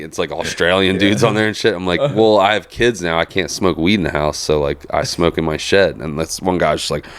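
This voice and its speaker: A man's voice: low voice, steady tone, brisk, hardly any pauses, dry recording. A man in his thirties co-hosting a podcast, telling crude stories in casual chat and laughing often. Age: 30s. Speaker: podcast co-host.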